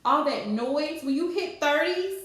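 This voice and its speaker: A woman's voice: high voice, measured pace. Chatty woman in a very echoey room. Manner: chatty and animated, playful scolding asides. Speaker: livestream host. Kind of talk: casual live-stream chat.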